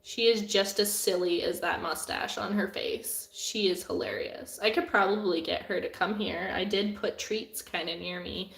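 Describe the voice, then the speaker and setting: A woman's voice: mid-range voice, vocal fry, fairly bright tone, reverberant. A young woman, an artist hosting a live Q&A stream from home, chatting casually and giggling, with lots of "like" fillers. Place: at home with her cats. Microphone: camera on a desk.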